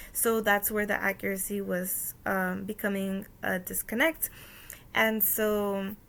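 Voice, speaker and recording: Gravelly-voiced woman recounting a work story. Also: mid-range voice, fairly bright tone. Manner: many "um" fillers and "like", storytelling with quoted dialogue. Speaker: student presenting a course activity. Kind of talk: casual spoken reflection.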